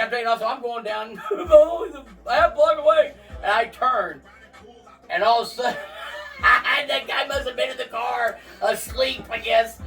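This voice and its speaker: A man with a very high, slightly bright voice is interviewed in casual storytelling, laughing through rowdy anecdotes and swearing freely. Faint music plays, and the mic is far away.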